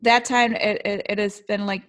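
A woman's voice: mid-range voice, steady tone, normal speed, fairly bright tone. Chatty young Mexican woman telling her story. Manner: chatty, with frequent restarts and switches into Spanish. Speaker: interview guest. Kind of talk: casual personal storytelling.

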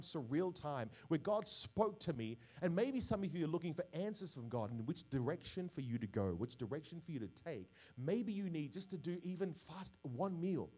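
A man preaching a sermon as pastor, swinging from quiet reflection to loud, emphatic bursts. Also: fairly high pitch, very animated, moderate pace, hardly any pauses. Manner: preaching with rising bursts of volume and call-outs.

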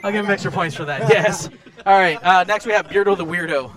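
A man hosting a band interview at a live venue, joking loudly and crudely as he teases the musicians. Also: high-pitched, fast talker, distant mic. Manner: loud, profane and teasing. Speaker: show host interviewing a band. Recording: loud music underneath.

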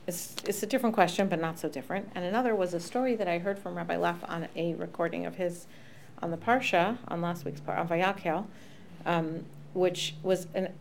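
During a casual discussion, a woman spins an animated story, performing the quoted voices of its characters. She has a lowish, creaky voice, and there is slight background noise.

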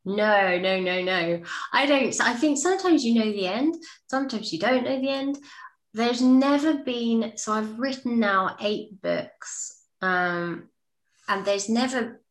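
A woman's voice: a little high, a little slow, roomy sound. A woman author, a guest on a faith talk show, answers questions in a thoughtful, easygoing way. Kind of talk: interview.

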